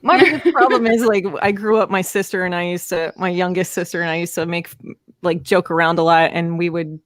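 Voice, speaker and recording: A woman's voice: on the low side, fairly quick, dry recording. A woman co-hosting a podcast in casual chat, laughing often and trailing off mid-sentence. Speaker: podcast co-host.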